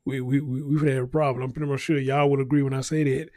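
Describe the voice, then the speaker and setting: A man's voice: mid-range voice, flat delivery, racing, a little mellow, no echo, studio quality. A man hosting a casual news commentary show, talking bluntly and profanely and repeating his points for emphasis. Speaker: show host.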